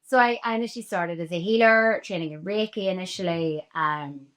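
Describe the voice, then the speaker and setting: A woman's voice: on the low side, fairly quick, fairly bright tone. A woman in her forties with a Northern Irish accent, a guest actress talking earnestly and emphatically in a casual interview. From Northern Ireland.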